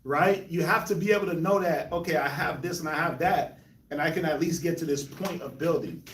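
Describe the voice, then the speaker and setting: A man's voice: on the high side, brisk, fairly bright tone, roomy sound, distant mic. A man hosting a casual Bible discussion, laughing often and talking in loose slang. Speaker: host of a Bible discussion show.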